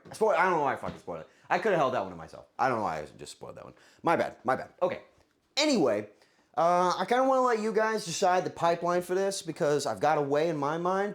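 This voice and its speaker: A male streamer in relaxed live-stream chat. His pitch swings widely as he talks. He is profane and teasing, and he goofs around with the audience. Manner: profane, joking, thanks chat for subs. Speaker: livestream host. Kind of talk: casual livestream chat.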